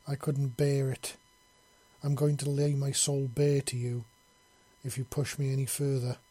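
A man's voice: mid-range voice, monotone, measured pace, mellow, husky, no echo. A man voicing a powerful female alien hive queen, speaking in an intense, pleading way.

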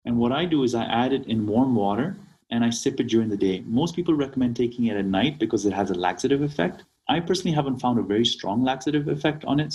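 A man's voice: mid-range voice, darkish tone, breathy edge, poor audio. A man from Kenya, a naturopathic doctor, explaining remedies as an interview guest and often checking in with "right?". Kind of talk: casual interview talk.

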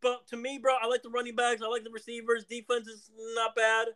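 A man's voice: very high-pitched, completely flat delivery, a little fast, bright, forceful tone. A man hosting a casual sports chat, hyped and repetitive, tossing in "bro". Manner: hyped, repeats himself, says bro. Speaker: podcast host.

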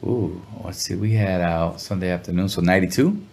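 This Los Angeles-area musician, appearing as an interview guest, is a laid-back storyteller who uses slang and briefly acts out others' voices. His voice sits low, creaky and a little mellow, and he talks briskly.

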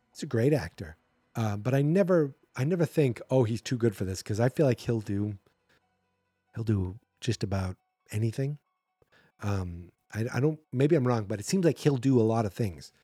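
A man's voice: medium pitch, animated, normal speed, warm tone, husky, no room sound, studio quality, faint music behind. A man hosting a podcast, recapping a movie in a casual, sarcastic and rambling way. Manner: sarcastic, rambling, acts out character quotes. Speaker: podcast host.

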